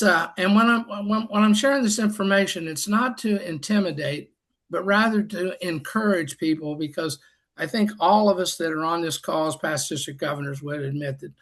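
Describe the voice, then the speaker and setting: On a group video call, an older man who is a past district governor tells folksy, self-deprecating stories with dry humor. His voice is on the high side and a bit bright.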